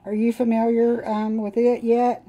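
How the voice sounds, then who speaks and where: A woman's voice: fairly high pitch, little pitch movement, measured pace, dull audio. A woman with a Southern country twang, chatting casually with viewers while she does her nails on a live stream. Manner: chatty, rambling, talks to viewers while working. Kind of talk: casual live demo chat.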